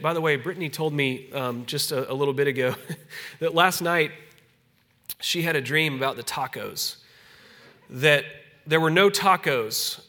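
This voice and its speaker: A man preaching a conversational sermon as pastor, easing soft and slow on solemn points. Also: a little high.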